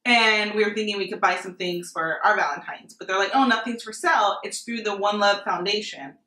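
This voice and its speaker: A woman's voice: medium pitch, fairly quick, pushed and bright, roomy sound, rough recording. A woman chatting casually on a friend's vlog, teasing and laughing often, with lots of "like". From Latin American background. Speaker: guest co-host. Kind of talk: casual chat.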